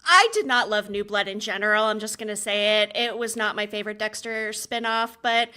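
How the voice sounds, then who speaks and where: A woman's voice: medium pitch, a little fast, pushed and bright, clean tone. A woman in her forties co-hosting a casual TV recap chat, giving chatty, enthusiastic opinions. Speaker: podcast co-host.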